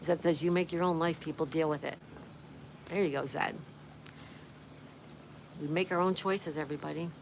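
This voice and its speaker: A woman with a fairly low voice hosts a relaxed livestream outdoors, reading viewer comments aloud and welcoming each one by name. Her friendly chatter sits over a steady hiss of outdoor background noise. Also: normal speed, vocal fry, pauses often. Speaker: livestream host.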